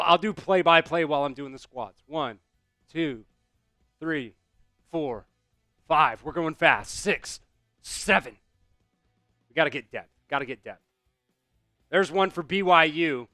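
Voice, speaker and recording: A man calling a basketball game as an excited fan host on a live stream, out of breath from doing squats. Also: a little high, smooth, dry recording, clean studio sound. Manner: rowdy, chanting and yelling in celebration.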